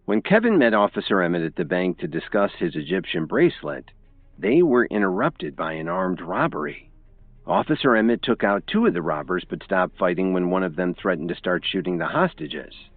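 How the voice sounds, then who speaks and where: A man narrating a scripted audiobook story in an expressive storytelling manner. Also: low voice, moderate pace, no echo. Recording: tinny phone-like audio with faint music.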